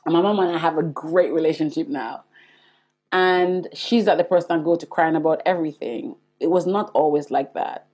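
A Jamaican woman in her forties talks to her listeners in a confiding, earnest podcast monologue. Her voice sits a little low and sounds husky. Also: moderate pace, darkish tone. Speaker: podcast host. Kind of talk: personal storytelling monologue.

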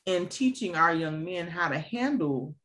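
Woman host of a casual talk show, animated and expressive, lively pitch. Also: unhurried. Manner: animated, laughs easily, expressive pitch swings. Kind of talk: casual conversation.

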